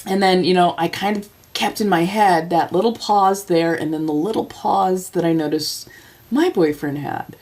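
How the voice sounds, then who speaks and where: A woman in her forties hosts a relaxed livestream, rambling through a personal story. She laughs often and slips into playful voices for the people she quotes. Her voice sits on the lower side. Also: normal speed. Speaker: livestream host. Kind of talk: casual storytelling chat.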